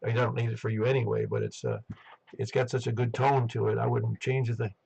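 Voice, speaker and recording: Gravelly, quick-talking radio net host. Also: male voice, medium pitch, a little mellow, slight background noise, low-quality recording. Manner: rambling, chatty, self-interrupting. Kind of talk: casual radio net chat. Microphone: headset.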